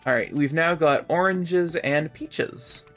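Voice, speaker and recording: A man's voice: fairly high pitch, slow pace, a bit bright, faint music behind. A man joining a friend's game stream as a co-op player, easygoing and casually swearing, calling his partner bud. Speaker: guest co-op player. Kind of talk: casual gameplay chat.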